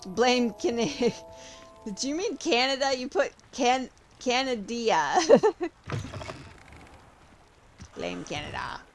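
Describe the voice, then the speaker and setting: Lively, slightly gravelly woman streamer. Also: fairly high pitch, drawn-out words, long pauses. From California. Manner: chatty, answers chat, thinks aloud. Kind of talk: casual live-stream chat while gaming. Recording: game music playing behind.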